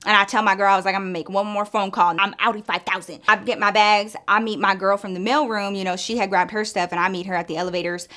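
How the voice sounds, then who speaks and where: A young adult woman telling a story in a casual vlog, animated and swearing, acting out the voices of the people in it. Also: medium pitch, fast talker, few pauses.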